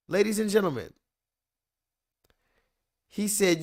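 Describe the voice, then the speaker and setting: A man's voice: mid-range voice, moderate pace. Livestream host, male, casual and heated, tells the story straight to the audience. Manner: animated, profane ranting.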